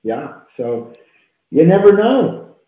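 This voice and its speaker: A man in his fifties, a talk show guest telling a deeply personal story in an earnest, heartfelt way with repeated phrases, over a video call. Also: sing-song, slow pace. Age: 50s. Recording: tinny phone-like echoey call audio.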